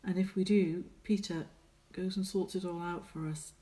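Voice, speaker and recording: A woman's voice: fairly low pitch, steady tone, moderate pace, dark tone. Woman, middle-aged, watercolour artist, casual painting chat, bantering, reads viewer comments. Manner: chatty and teasing, bantering with viewers. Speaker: watercolour artist hosting a live painting session.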